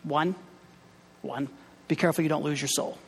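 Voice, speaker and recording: A man's voice: on the high side, fairly even intonation, moderate pace, gravelly, husky, long reverb tail, voice pushed down. A man quoting a wry, plain-spoken retired bishop in his eighties.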